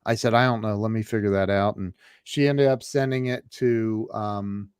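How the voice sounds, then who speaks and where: A man's voice: fairly low pitch, fairly even intonation, moderate pace, darkish tone, clean tone, no echo, studio quality. A man from the United States, a guest on a remote call, telling a personal story with many restarts and fillers. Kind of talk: storytelling in an interview.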